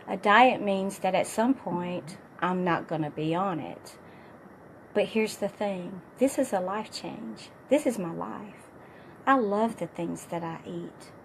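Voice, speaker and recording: A middle-aged woman fitness coach talks straight to her viewers in an upbeat, encouraging way. Her voice is hoarse and partly gone, sitting at an ordinary pitch for a woman. A faint noise runs behind the recording. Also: slow pace. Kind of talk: motivational talk to viewers.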